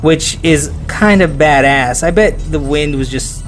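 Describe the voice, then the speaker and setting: A man's voice: a little high, measured pace, soft background music. A man hosting a casual history podcast, chatty and joking, stumbling over hard names. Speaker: podcast host.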